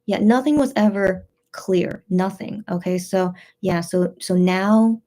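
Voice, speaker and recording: A tearful woman hosting a casual livestream, reading out chat messages in a subdued, hesitant way with many pauses and fillers. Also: medium pitch, warm tone.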